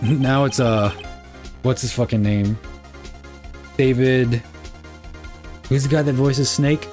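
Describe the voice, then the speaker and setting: A man's voice: medium pitch, steady tone, takes it slowly, pauses often, over music. A young man giving casual, crude, joking gameplay commentary as a streamer. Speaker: game streamer.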